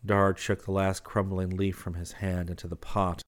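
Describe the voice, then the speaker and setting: Deep, flat-voiced male storyteller. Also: moderate pace. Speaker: audiobook narrator. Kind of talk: scripted narration.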